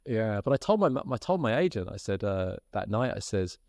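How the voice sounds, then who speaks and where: A British man, a podcast guest, telling a lively anecdote and acting out the people in it. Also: fairly low pitch, normal speed. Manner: lively storyteller who acts out quoted voices and laughs as he tells.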